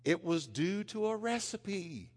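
A man preaching a sermon, swinging between loud emphasis and hushed, intense passages. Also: sits high, sing-song, takes it slowly. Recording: long hall reverb.

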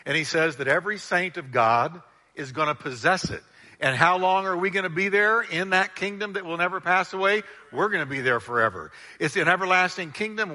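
Man preaching in a church, bright voice, lots of reverb from the hall. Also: a little high. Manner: animated preaching with call-and-response. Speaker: pastor. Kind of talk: sermon.

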